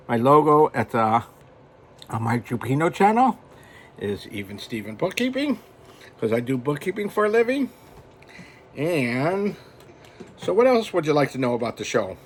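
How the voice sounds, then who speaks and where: Man, casual home vlog, rambling chatter, frequent chuckles, slightly higher voice, faint noise behind. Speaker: vlogger.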